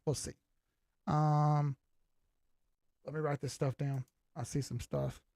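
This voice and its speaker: A man's voice: on the high side, little pitch movement, slow, vocal fry, a little mellow, no echo, studio quality. An older man hosting a crypto livestream, talking loosely and with profanity while reading out viewer comments. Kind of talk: casual livestream chat.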